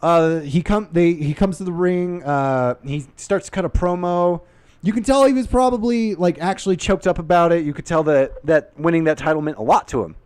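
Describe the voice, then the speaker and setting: A man's voice: a little high, moderate pace, darkish tone, smooth, dry recording. A man hosting a casual, unscripted recap of a show, rambling and opinionated and swearing freely. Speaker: YouTube wrestling recap host.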